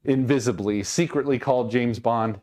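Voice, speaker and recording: A man's voice: mid-range voice, moderate pace, mellow. A man streaming and chatting casually with his viewers, ranting in mock exasperation while he sorts things. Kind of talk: casual livestream chat.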